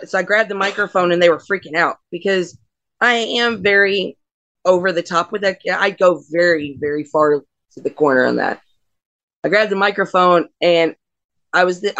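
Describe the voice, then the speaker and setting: A woman's voice: fairly low pitch, a bit bright, dry recording. Blunt, brash woman wrestler telling stories. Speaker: wrestler, guest. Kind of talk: casual interview storytelling.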